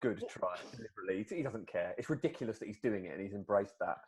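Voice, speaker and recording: A man's voice: on the low side, fast talker, a little mellow. A man co-hosting a comedy podcast, musing enthusiastically about the clips. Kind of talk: casual comedic chat.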